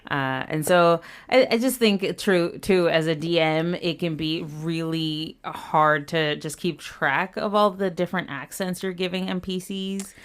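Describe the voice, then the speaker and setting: A woman's voice: on the low side, unhurried, few pauses, smooth. A woman co-hosting a podcast, chatting casually and agreeably. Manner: agreeable, frequent affirmations and laughs. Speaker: podcast co-host. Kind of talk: casual chat.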